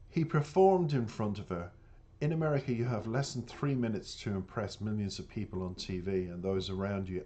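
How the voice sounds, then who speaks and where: Irish man, lowish voice, earnest, indignant, chatty reaction-channel monologue. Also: darkish tone. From Ireland. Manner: earnest, indignant, addresses viewers as "dears". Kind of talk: casual monologue to viewers.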